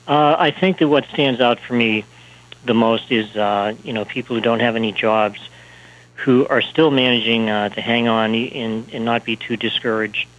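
A male author talking in an interview, halting and full of fillers and restarts. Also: mid-range voice, steady tone, fairly bright tone, lo-fi sound. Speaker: author and speaker, guest. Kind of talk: interview talk.

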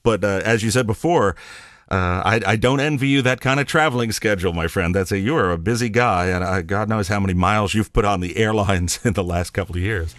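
A man's voice: on the low side, a little fast, fairly bright tone, no echo. A man hosting a podcast in casual conversation, joking and laughing as he tells stories. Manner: jokey, laughs while telling stories. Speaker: podcast host.

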